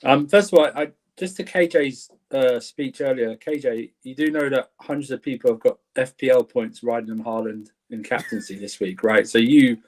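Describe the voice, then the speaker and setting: A man's voice: medium pitch, moderate pace, hardly any pauses, a little mellow, poor audio. Laid-back man with a mid voice. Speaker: podcast panelist. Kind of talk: casual football chat.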